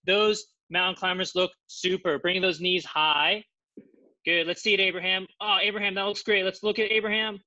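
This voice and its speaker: A man's voice: high voice, steady tone, moderate pace, bright, forceful tone. A male martial arts school instructor encouraging students by name during an online class. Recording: dull lo-fi video-call audio.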